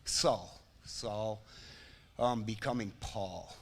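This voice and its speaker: Low-voiced man giving a halting testimony. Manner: halting, emotional, with pauses. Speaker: guest sharing recovery testimony. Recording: reverberant church hall with faint noise.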